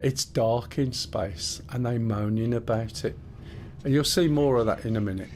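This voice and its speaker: In this live gameplay stream, a man rambles in casual chat, explains what's happening and lets out the occasional swear. He has a medium-pitched, slightly mellow voice and speaks at a moderate pace. There's a little background noise.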